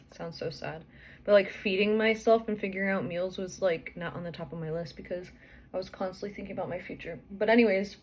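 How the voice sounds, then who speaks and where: Breathless young woman telling her story. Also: mid-range voice. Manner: chatty, rambling with fillers and restarts. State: out of breath, pregnant. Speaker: vlogger. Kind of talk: casual personal storytelling.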